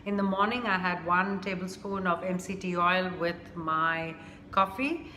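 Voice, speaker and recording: Woman, casual cooking vlog, slow delivery, bright tone, echoey room with faint background hum. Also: fairly low pitch. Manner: unhurried, thinks aloud with many fillers. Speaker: cooking vlogger.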